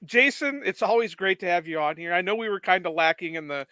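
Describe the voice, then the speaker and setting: A chatty podcast co-host with a bright, forceful, slightly higher voice. He tells stories loosely and laughs often. The sound is close and dry. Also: animated, fast, no echo. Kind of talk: casual podcast chat.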